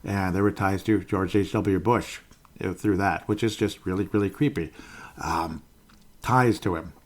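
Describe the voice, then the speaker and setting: Low-voiced rambling male podcaster. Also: a little slow. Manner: rambling, opinionated, chuckles between points. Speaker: podcast host. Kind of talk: political commentary monologue.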